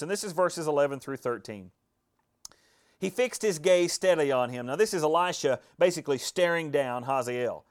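Dramatic preacher, man, a bit high. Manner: dramatic, acts out quoted lines, swings from loud to hushed. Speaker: pastor. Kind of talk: expository sermon.

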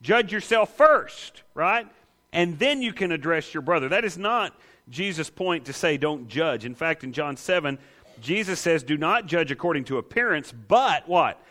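A pastor preaching a sermon, emphatic and quick to pose rhetorical questions to the congregation. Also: male voice, on the high side, a bit bright, in a large hall.

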